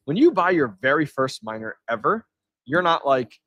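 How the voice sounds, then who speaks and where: A man's voice: mid-range voice, dry recording. A man hosting a live stream from an event floor, chatting casually and answering his chat with energy. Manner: energetic, reads chat aloud, quick asides.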